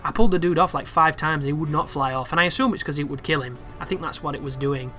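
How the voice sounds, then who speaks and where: A man's voice: fairly high pitch, quick pace, soft background music. A man giving casual walkthrough commentary over gameplay, chatty and prone to exasperated asides. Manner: chatty, with exasperated, animated asides about the game.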